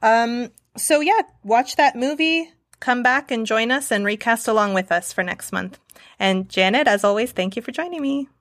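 A woman's voice: a little high, normal speed, no room sound, studio quality. A woman with a Canadian accent co-hosting a movie podcast, leading the segments and laughing often. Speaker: podcast co-host. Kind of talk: casual chat.

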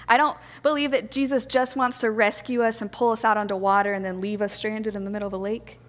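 A woman preaching a sermon to a congregation, gentle, earnest and reflective. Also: medium pitch, little pitch movement, quick pace, few pauses, long reverb tail.

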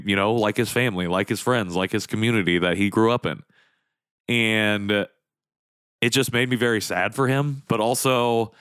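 A man's voice: fairly low pitch, a bit bright, clear, resonant tone, dry recording, studio quality. A young man hosting a solo podcast, talking in a candid, rambling way about his week. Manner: candid, rambling, emotional at times. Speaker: podcast host.

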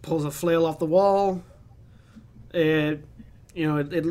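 A man narrating as game master on a voice call, explaining lore with many pauses and self-corrections. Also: fairly high pitch, steady tone, a little mellow.

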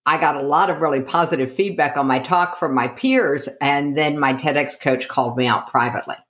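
Being interviewed as a guest, this middle-aged coach from the United States talks briskly in a low, slightly bright voice. She energetically recounts her story, performing the lines of dialogue she quotes.

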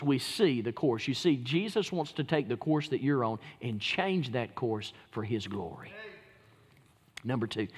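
A male pastor preaching a sermon, swinging from hushed low lines to booming, rising declarations. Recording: long hall reverb.

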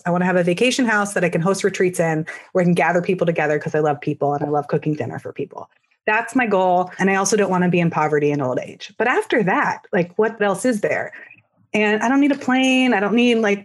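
Podcast guest, woman, mid-pitch, animated and frank storyteller; casual interview read. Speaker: guest, startup founder.

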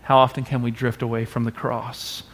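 A man preaching a sermon as pastor, expressive, now and then acting out voices. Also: medium pitch, moderate pace, husky. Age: adult parent. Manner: expressive preacher, acts out quoted voices loudly.

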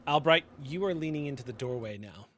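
A man running a tabletop game as game master, narrating scenes in an unhurried, descriptive way with small restarts. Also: medium pitch, lively intonation, a bit bright, slight background noise.

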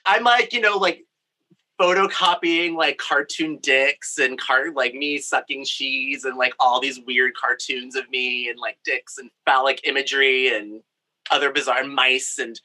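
A man's voice: medium pitch, fairly even intonation, measured pace, bright, forceful tone, rough recording. A young man from Brazil, a storyteller with a campy, candid, playful way of talking, recording in a home craft studio. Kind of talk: personal storytelling.

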